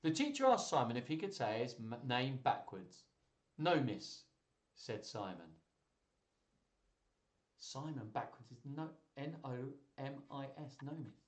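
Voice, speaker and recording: A man hosts a children's live stream, reading out viewers' jokes and laughing easily at them. His voice swings widely in pitch as he chats. The room adds a noticeable echo. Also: a little slow, long pauses. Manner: chatty, laughs at jokes, lively delivery. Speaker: host of a live children's joke and story stream.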